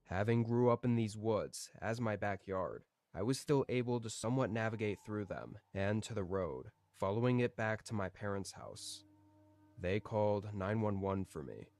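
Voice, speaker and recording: Guy with a lowish voice telling a creepy camping story, calm and steady. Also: moderate pace, dry recording. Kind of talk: scripted first-person horror narration.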